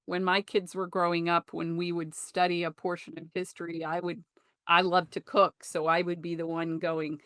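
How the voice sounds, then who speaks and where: A woman's voice: fairly low pitch, flat delivery, moderate pace, a bit bright, no room sound, studio quality. A woman hosting an interview, casual and effusive with praise for her guest. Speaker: podcast host.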